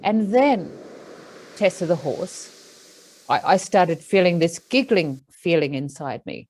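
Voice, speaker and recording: A woman with an Australian accent, an animal communicator, telling a story in an animated way with lots of fillers. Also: fairly low pitch, slow, a little hiss or hum, rough recording. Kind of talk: casual storytelling.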